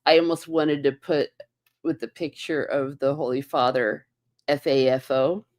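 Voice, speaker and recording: Emphatic lower-voiced woman host. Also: steady tone, measured pace, darkish tone. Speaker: podcast host. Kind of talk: casual chat.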